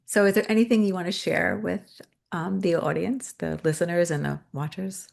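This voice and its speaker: Woman, host, gravelly edge, supportive listener. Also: on the low side, steady tone, normal speed, darkish tone. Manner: encouraging listener, short affirmations. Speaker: podcast host and therapist. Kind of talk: interviewing, brief supportive responses.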